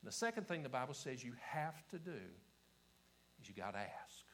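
A man with an Appalachian accent preaching a revival sermon to a church congregation, swinging from shouting to hushed whispers and repeating his phrases. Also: medium pitch, big pitch swings, normal speed, poor audio. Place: church service before a congregation.

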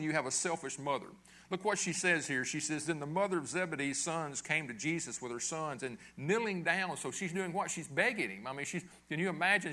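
A man's voice: a little high, bright, forceful tone. A middle-aged pastor preaching a sermon in a conversational way, asking his listeners questions and checking in with "okay?".

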